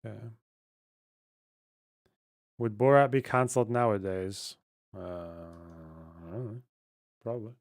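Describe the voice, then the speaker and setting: A man's voice: on the low side, slow pace, pauses often. A man with a Scottish accent, casually reading and answering viewer chat on a livestream in a blunt, sarcastic, profane way. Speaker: streamer.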